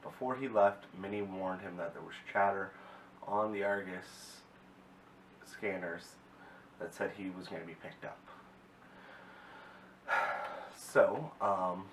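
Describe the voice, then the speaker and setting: A man's voice: deep voice, takes it slowly, long pauses, a bit bright, far from the mic. A man casually recapping a TV episode, rambling and often correcting himself. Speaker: TV episode reviewer. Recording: echoey room, mic set back, faint hiss.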